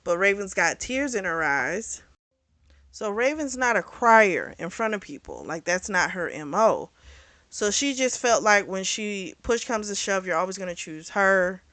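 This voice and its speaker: Woman book host, bright voice, dry close sound, casual plot recap. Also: mid-range voice, very animated, unhurried, no echo. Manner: chatty retelling with quoted dialogue.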